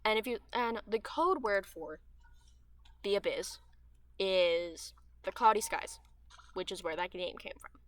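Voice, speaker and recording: A woman's voice: mid-range voice, animated, measured pace, pauses often, no echo. A teenage girl chatting aimlessly while she plays a game, with a dry, sore throat and audible lip smacks between her rambling, restart-filled sentences. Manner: chatty and meandering, with frequent fillers and trailing restarts. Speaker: gaming streamer. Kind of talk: rambling gameplay chat.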